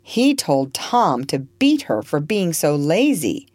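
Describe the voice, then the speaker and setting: A woman's voice: deep voice, very animated, slow pace, darkish tone, no echo, studio quality. A woman reading a storybook aloud, acting out the characters with expression. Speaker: narrator.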